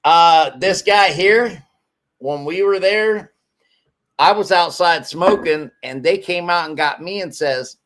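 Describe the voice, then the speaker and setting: A man tells a funny story among friends in a relaxed, wry way. His voice sits a little higher than most men's. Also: slow pace. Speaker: friend in the group.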